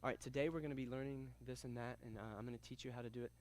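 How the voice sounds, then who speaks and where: A man mimicking a bored monotone instructor. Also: mid-range voice, very fast, pitched below the performer's own voice, lightly acted. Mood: droning. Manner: flat, mumbled, droning. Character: bored, monotone male karate teacher.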